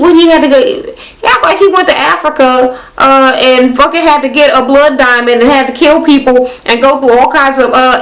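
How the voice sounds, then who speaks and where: A woman's voice: sits high, poor audio. A young woman casually recapping a reality show, sassy and profane, mimicking the cast in mocking voices.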